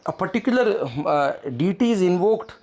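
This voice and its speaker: A man's voice: high voice, animated, normal speed, a little mellow. A man giving an explanatory devotional talk, acting out quoted prayers and using frequent fillers. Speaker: spiritual teacher.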